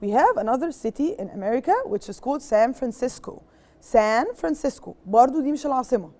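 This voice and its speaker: A woman's voice: fairly high pitch, animated, quick pace, a little mellow. A young woman with an Egyptian accent teaching an English lesson to young pupils, switching between English and Arabic, repeating key words and checking with "okay?".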